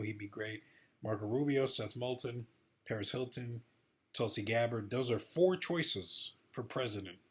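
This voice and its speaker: A man giving a rambling, excitable casual monologue about politics, repeating himself often. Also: lowish voice, breathy edge. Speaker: political commentator vlogger.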